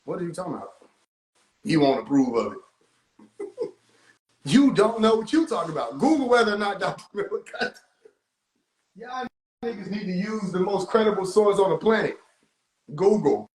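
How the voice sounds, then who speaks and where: Man, young adult, high-pitched, animated and profane, laughing a lot, echoey room. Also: moderate pace, pauses often. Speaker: livestream host. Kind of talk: casual livestream rant. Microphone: phone.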